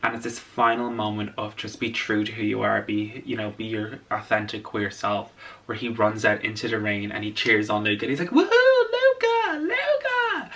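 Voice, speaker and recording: Guy doing his makeup and gushing about a movie, kinda gravelly voice, mic a bit far off. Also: fairly low pitch, brisk. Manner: gushing, playful, excitable. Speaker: vlogger. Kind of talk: casual chatty film commentary. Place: indoors at home, doing makeup on camera.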